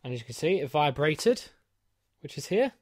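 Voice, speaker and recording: A British tech reviewer with a slightly high, somewhat mellow voice swings widely in pitch at a moderate pace. He chats through unboxing and setting up a gadget in his small home studio, poking fun at himself and saying um often, with no echo on the audio.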